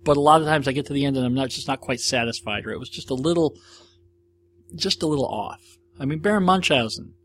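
An American man hosts a podcast alone, rambling through movie reviews with casual enthusiasm and restarting his sentences often. He talks fast at a medium pitch, his tone a bit bright, and the audio-only recording carries slight background noise.

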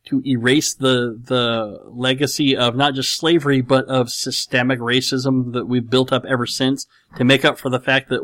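A man's voice: mid-range voice, fairly bright tone. A man hosting a casual talk show, reading out listener questions in a rambling way, with dry, sarcastic humor. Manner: rambling, full of "like" and "you know". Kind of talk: casual chat.

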